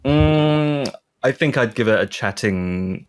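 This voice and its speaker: A man's voice: mid-range voice, expressive, slow pace, smooth. A man co-hosting a podcast, chatting casually and playfully, with the odd joke voice. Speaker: podcast co-host. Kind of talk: casual chat.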